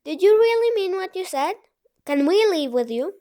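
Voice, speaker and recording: A woman's voice: very high voice, very animated, moderate pace, warm tone, pitched above the performer's own voice. A woman reading as a caring young orphan girl. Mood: eager.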